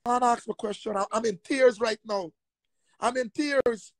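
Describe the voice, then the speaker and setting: A man on a heated livestream rant, angry, profane and repetitive, often shouting. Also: very high voice, normal speed, no echo.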